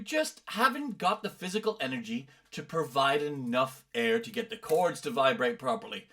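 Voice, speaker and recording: A man's voice: a little high, sing-song, normal speed, gravelly, fairly bright tone. A middle-aged man from the UK, a vocal coach commenting on other coaches' videos with emphatic, exasperated explanations. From United Kingdom.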